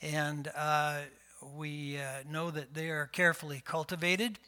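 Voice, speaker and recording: Middle-aged male pastor from Canada, slow relaxed sermon, pitch a bit high, bright. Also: clear, resonant tone. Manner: slow, conversational preaching with fillers and rhetorical questions.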